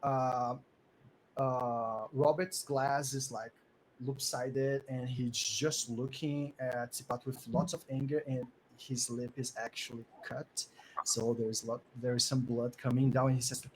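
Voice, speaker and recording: A man with a Portuguese-speaking background narrating as game master in a lively storytelling way. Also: mid-range voice, a little slow, slight background noise, poor audio. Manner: lively storytelling with many "like" fillers. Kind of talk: narrating a tabletop game in English.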